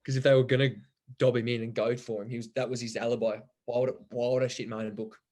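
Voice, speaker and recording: Young man, podcast guest; rambling, sweary, giggly storyteller, middle pitch. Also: flat delivery, quick pace, a little mellow. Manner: rambling, swears freely, laughs while telling stories. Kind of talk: casual storytelling chat.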